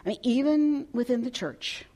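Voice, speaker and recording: A woman pastor preaching a storytelling sermon, expressive and at times dropping soft and hushed. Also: fairly high pitch, normal speed.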